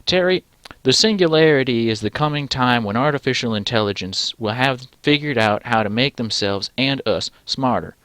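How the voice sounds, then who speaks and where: A man's voice: mid-range voice, moderate pace, fairly bright tone, lightly acted. A man voicing a pompous male scientist who talks in a put-on American Southern drawl. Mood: smug. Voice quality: pompous, condescending.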